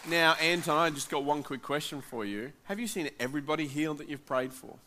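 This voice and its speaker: Earnest, bright-toned male pastor. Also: fairly high pitch, a little fast, slight background noise. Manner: earnest, encouraging. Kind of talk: sermon with interview.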